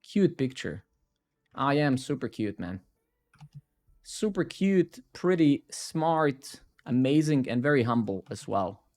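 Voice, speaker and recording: A man's voice: medium pitch, lively intonation, takes it slowly, a little mellow. A man hosting a live coding stream, talking casually in a rambling, sarcastic and profane way with lots of self-mockery.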